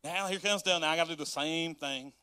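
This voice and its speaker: A man preaching a sermon, walking through scripture verse by verse in a lively, animated way and acting out the quotes. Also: a little high, brisk, clean tone, dry recording, studio quality. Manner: animated, laughs often, acts out quotes. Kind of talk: sermon reading and explaining scripture.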